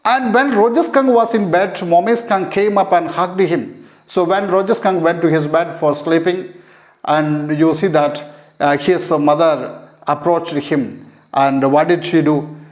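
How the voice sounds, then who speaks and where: A man teaching an English lesson, going through a story line by line. He glosses word meanings plainly and rephrases them, often saying "you see that" and pausing on "uh". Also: on the high side, steady tone. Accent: Indian English. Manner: frequent "you see that" and hesitant "uh". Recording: echoey room.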